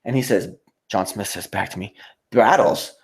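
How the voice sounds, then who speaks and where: A man with a gravelly, fairly low voice hosts his own livestream. He rambles through a casual rant, swearing freely and mocking people as he goes. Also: fairly quick. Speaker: YouTube livestreamer.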